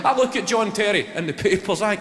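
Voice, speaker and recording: A Scottish man with a Glaswegian accent doing stand-up, mocking and swearing as he tells stories. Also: high-pitched. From Scotland. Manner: brisk, mocking storyteller who swears and puts on voices. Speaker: stand-up comedian. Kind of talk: stand-up comedy. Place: large comedy venue. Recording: echoey live hall with loud audience. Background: audience laughing.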